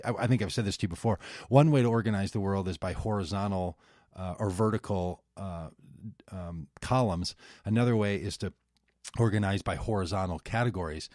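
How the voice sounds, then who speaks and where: A man with a somewhat low voice hosts a casual conversation. He works through his ideas aloud in a reflective way. The sound is close and dry, with no echo. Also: a little mellow. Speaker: host.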